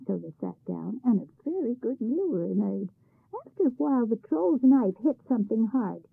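A woman reads a folk tale aloud with lively expression. Her voice is husky and gravelly, and the recording is dry and tinny, like a phone line. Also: fairly high pitch, normal speed, no room sound. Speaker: storyteller. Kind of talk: scripted narration of a folk tale. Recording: tinny phone-like band-limited sound.

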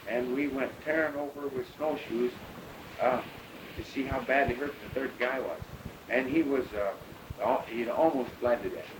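An older man, a pilot, recounting his past in a rambling, halting way full of fillers. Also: medium pitch. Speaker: bush pilot telling his story. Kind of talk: oral history storytelling. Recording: noisy recording.

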